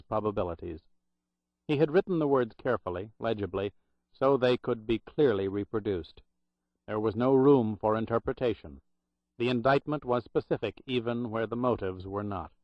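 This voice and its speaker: A man reading a thriller audiobook in steady, scripted narration. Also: mid-range voice, no room sound. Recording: dry, slightly muffled recording.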